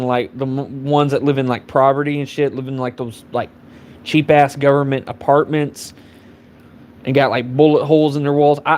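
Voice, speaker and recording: A man in his twenties ranting casually on a live stream, rambling and profane with constant fillers. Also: medium pitch. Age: 20s. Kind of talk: casual rant.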